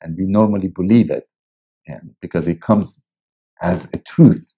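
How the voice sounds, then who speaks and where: A male pastor reading and preaching a devotional in a slow, deliberate way with long pauses. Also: low-pitched, mellow, husky, low-quality recording. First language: Persian.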